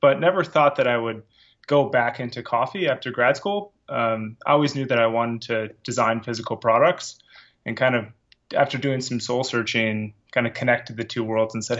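A man's voice: medium pitch, moderate pace, a bit bright, dull audio. A man being interviewed as a founder on a podcast, casual, with frequent fillers and restarts. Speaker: guest, company founder.

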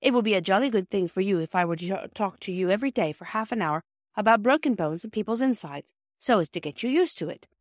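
A woman's voice: medium pitch, expressive, fast, no echo, clean studio sound, close to an everyday voice. A woman reading aloud, voicing a bossy young boy who teases his sisters. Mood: teasing.

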